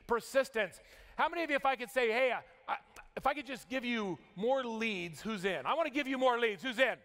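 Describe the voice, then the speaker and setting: A man's voice: high-pitched, a bit bright. A man from Utah giving an emphatic keynote speech at a conference, telling a story and dropping his voice for dramatic moments. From Utah, USA. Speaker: motivational speaker. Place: large conference hall. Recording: long hall reverb.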